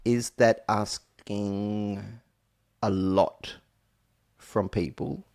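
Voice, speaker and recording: A man's voice: on the low side, very slow, gravelly. A man hosting a podcast in casual chat, joking and restarting his sentences as he talks. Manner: animated, jokey, with self-interrupting restarts. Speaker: podcast host.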